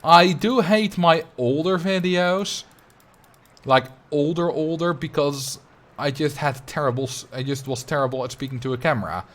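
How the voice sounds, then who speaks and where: A man's voice: on the high side, moderate pace, a bit bright. A man with a light Dutch accent, chatting casually and animatedly to viewers on a livestream. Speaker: streamer.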